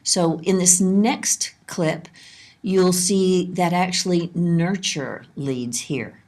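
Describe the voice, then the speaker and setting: A woman lecturing on child development, calm and explanatory, repeating her key points. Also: lowish voice, slow. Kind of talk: instructional lesson narration.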